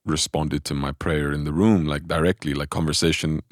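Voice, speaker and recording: A man telling a personal spiritual story in a relaxed podcast conversation, animated and often restarting his sentences. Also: extremely low pitch, normal speed, dry recording, clean studio sound.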